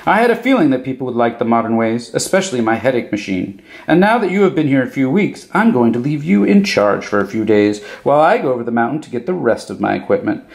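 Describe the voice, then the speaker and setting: A man's voice: medium pitch, big pitch swings, quick pace, creaky, few pauses. A man voicing a businesslike, self-satisfied rival witch in a storybook reading. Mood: instructive.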